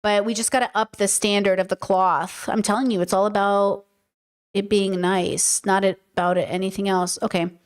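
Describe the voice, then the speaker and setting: On her casual livestream, a streamer and podcast host fields questions from chat, ranting bluntly and swearing often. Her voice is mid-range and clean, with little pitch movement, and she talks at normal speed.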